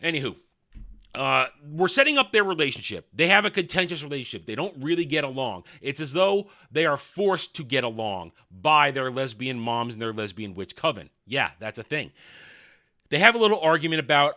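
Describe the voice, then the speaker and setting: A man's voice: fairly high pitch, animated, normal speed, bright, forceful tone. A man reviewing a TV episode in an opinionated monologue, blunt, sarcastic and dismissive. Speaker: TV show reviewer.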